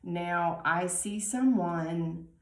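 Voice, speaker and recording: A woman reads tarot cards in an unhurried, musing way, pausing often to find her words. Her voice sits a little low, and the room around her sounds echoey. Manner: slow, musing, with many ums and restarts. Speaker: tarot reader. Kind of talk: tarot reading to camera.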